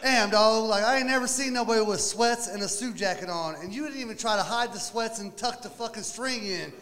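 A man in his forties doing stand-up crowd work, with a high, light voice. His teasing delivery rings through a club with long reverb. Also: a little fast, a bit bright. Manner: teasing, storytelling. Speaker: stand-up comedian. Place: small comedy club.

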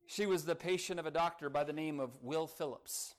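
A male pastor preaching a sermon, telling a story earnestly with dramatic pauses. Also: on the high side.

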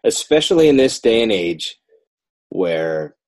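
A man talking casually about his children's book as an interview guest, animated and often breaking off to restart his sentences. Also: fairly low pitch, a little slow, no echo. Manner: animated, self-interrupting, rising emphasis.

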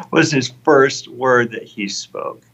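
A man in his thirties, appearing as a guest, shares a heartfelt faith testimony in conversation. His medium-pitched voice is a bit bright and very slow, and the recording is rough.

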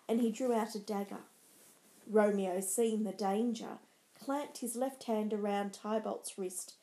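Slow, measured woman storyteller. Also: a little high, darkish tone. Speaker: narrator. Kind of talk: storybook narration.

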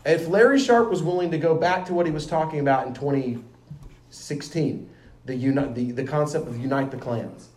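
Man, high voice, heated political talk, swearing, repetitive slogans, echoey room. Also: fairly quick, a little mellow. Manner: emphatic, profane, repeats a rallying slogan. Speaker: libertarian activist guest.

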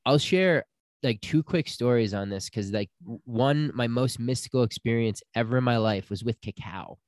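A man's voice: medium pitch, moderate pace, no room sound, studio quality. A young man telling a personal story in casual chat, acting out the people he quotes. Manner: animated storyteller, acts out quotes.

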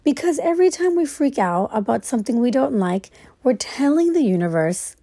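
A woman's voice: high voice, very animated, moderate pace, dark tone. A woman lying in bed at night, rambling casually through her own thoughts in a reflective monologue and swearing freely.

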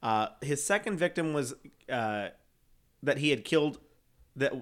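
A man's voice: medium pitch, expressive, unhurried, a bit bright. Rambling, swearing man chatting true crime. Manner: rambling, swears freely, laughs often. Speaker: podcast co-host. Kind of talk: casual true-crime chat.

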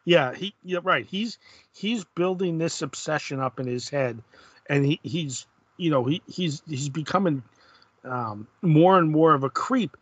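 A man in a relaxed podcast chat, walking through a comic story and stumbling over his words as he goes. His voice is somewhat husky and a touch higher than most men's. It sounds close and dry. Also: a little slow, no echo. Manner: laid-back, retells the plot with frequent restarts. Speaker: podcast host. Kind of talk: casual comic book discussion.

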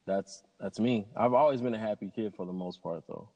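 A man tells rambling stories in a relaxed interview, upbeat and positive throughout. His voice sits on the lower side, and a long hall reverb trails after his words. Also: fairly quick. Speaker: pilot and interview guest. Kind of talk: casual interview conversation.

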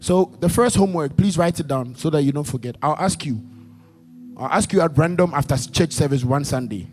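A high-pitched male preacher delivering a sermon in a church, his voice trailing off into a long hall reverb. He drives points home by repeating lines and asking the congregation for answers, with soft music underneath. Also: animated, a little fast. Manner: emphatic, repetitive call-and-response preaching. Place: church service.

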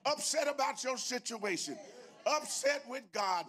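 A man preaching a whooping revival sermon as a bishop, shouting, chanting and half-singing hymn lines to a congregation. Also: extremely high pitch, expressive, moderate pace.

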